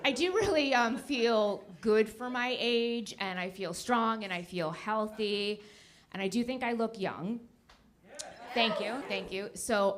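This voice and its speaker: A woman's voice: on the high side, a bit bright, slight background noise. A woman in her fifties doing a stand-up comedy set, teasing the crowd and laughing at her own jokes. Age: 50s.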